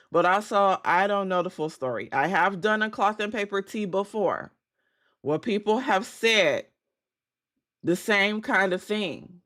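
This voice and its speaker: A woman's voice: mid-range voice, a bit bright. A woman hosting a casual livestream, talking bluntly and with plenty of swearing to her viewers, her voice cracking because she has just woken up. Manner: blunt, profane, chatty with viewers. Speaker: livestream host.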